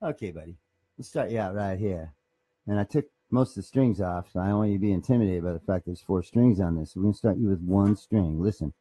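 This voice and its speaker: Low, husky profane man rambling. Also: fast talker, few pauses, mellow, no echo. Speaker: guitar shop owner and bassist. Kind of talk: casual comedic monologue.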